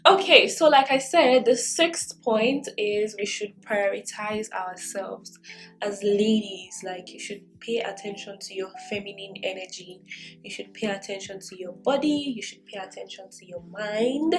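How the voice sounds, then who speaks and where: A woman's voice: medium pitch, measured pace, faint music behind, low-quality recording. A young woman in her twenties vlogging while doing her makeup, giving earnest, encouraging self-improvement advice and laughing often. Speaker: lifestyle vlogger. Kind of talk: casual get-ready-with-me advice vlog. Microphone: camera mic while doing makeup.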